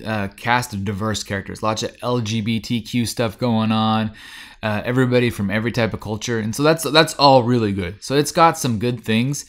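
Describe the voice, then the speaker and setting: Rambling man, mid-pitched podcast host. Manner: rambling recap with many fillers and restarts. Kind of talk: casual chat.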